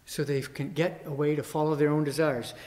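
A man's voice: on the high side, flat delivery, a little fast, a little mellow. A man preaching a sermon with rising emphasis, voicing the mockers' words with dramatic force. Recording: long hall reverb.

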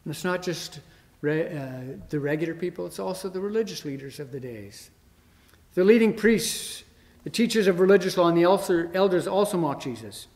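Male preacher, emphatic, slightly higher voice, recorded in a reverberant church hall. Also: lively intonation, normal speed, darkish tone. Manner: rising emphasis, dramatic quoted mockery. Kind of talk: sermon.

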